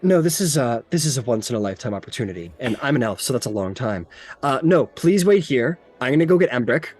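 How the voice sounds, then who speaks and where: A man voicing a careful, fussy female wood elf healer in a tabletop game, speaking haltingly. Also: mid-range voice, big pitch swings, darkish tone, breathy edge, voice pushed down. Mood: flustered. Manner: hesitant, halting speech. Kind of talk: tabletop role-play.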